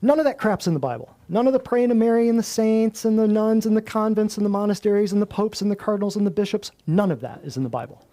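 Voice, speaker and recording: A man with a somewhat high but mellow, warm-toned voice rants to a live group. He is blunt and folksy, throws in slang, and stacks one item after another in long emphatic lists. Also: lively intonation, quick pace, hardly any pauses. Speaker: natural health clinic host. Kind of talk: preachy talk to a live group.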